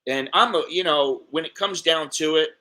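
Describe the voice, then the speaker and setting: Bright-voiced American man rambling through a story. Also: a little high, moderate pace. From United States. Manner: rambling, repeats words, acts out quoted voices. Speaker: expat vlogger. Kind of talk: casual storytelling monologue.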